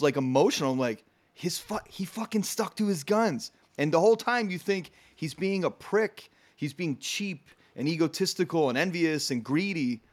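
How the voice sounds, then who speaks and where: Enthusiastic man in podcast chat. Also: fairly high pitch. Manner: enthusiastic, swears casually, says "dude" and "man". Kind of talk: casual podcast conversation.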